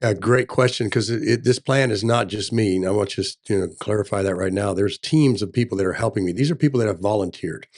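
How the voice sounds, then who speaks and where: A man's voice: on the low side, fast, few pauses, a little mellow. A middle-aged man running for governor, talking in a casual interview with emphatic, military-style phrasing and frequent "right?" tags. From Texas. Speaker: gubernatorial candidate.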